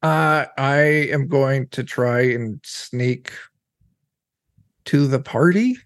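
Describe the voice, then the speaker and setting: A man playing in a tabletop game, hesitant and deadpan. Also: mid-range voice, drawn-out words. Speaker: player. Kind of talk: tabletop role-play.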